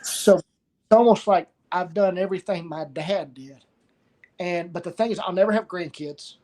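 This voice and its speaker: A middle-aged man, telling a personal story of loss in a halting way, pausing and repeating words. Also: high-pitched, a little mellow. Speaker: guest sharing a story of loss.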